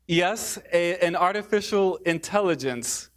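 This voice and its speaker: A man's voice: sits high, a bit bright. A man giving a public talk in a theater, hesitant, with many fillers and restarts. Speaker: speaker.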